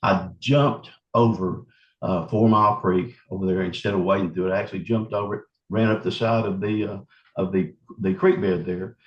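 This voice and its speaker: Guy telling his story, lowish voice, kinda muffled roomy audio, lots of restarts. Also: fairly even intonation. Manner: halting, vivid retelling with many restarts. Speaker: eyewitness recounting an encounter. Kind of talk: storytelling interview.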